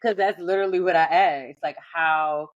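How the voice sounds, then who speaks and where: A woman hosting a relaxed conversation, reflective and loosely phrased with lots of "like". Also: lowish voice, moderate pace, highs cut off. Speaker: podcast host. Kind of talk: casual conversation.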